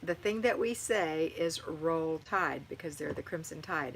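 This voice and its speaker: A middle-aged woman with a lowish voice hosts a live stream. She reads viewer comments aloud and answers them with warm, motherly encouragement. Faint noise hums underneath. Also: measured pace, hardly any pauses, low-quality recording. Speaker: livestream host answering viewer chat. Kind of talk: live-stream chat and home advice.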